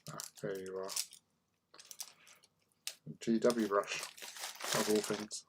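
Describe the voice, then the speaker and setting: A man's voice: fairly low pitch, flat delivery, slow, heavy background noise. A man chatting casually while he paints miniatures, muttering to himself as he works. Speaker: hobby painter.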